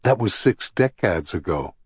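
A man voicing an emotional, awkward man in an audiobook, speaking in a halting, hesitant way. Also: low-pitched, expressive, breathy edge, no echo, clean studio sound, exaggerated voice. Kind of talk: audiobook character reading.

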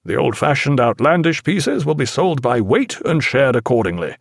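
A man's voice: mid-range voice, sing-song, measured pace, vocal fry, dry recording, studio quality, exaggerated voice. A man voicing a genial sea captain addressing his crew in a hearty, commanding manner in an audiobook reading.

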